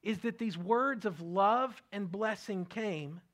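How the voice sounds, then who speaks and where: A middle-aged man preaching a sermon, earnest and repetitive, often dropping his voice to a soft hush. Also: high voice, takes it slowly. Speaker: pastor.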